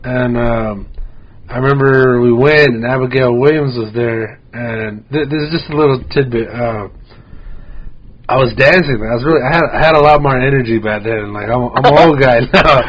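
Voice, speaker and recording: A man from Arizona, a podcast guest, telling animated stories in casual chat, swearing a lot and acting out quotes. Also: mid-range voice, moderate pace. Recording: dull lo-fi sound with faint hiss.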